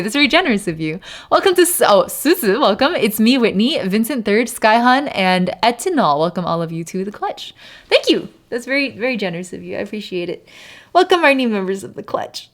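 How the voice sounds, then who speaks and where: Chatty woman streamer with a lively voice. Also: moderate pace. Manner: chatty, thinks aloud, switches into Mandarin at times; laughs often, bursts into high excited yelps. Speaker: variety streamer. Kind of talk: casual live-stream chat.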